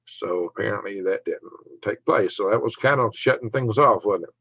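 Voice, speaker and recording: A low-voiced man with a Southern twang, chatting fast and jokey on a livestream and breaking into laughter often. The sound is dry and close, with a dull, lo-fi quality. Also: fairly bright tone, no room sound. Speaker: livestream host. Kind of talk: casual livestream chat reading viewer comments. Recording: dry, dull lo-fi stream audio.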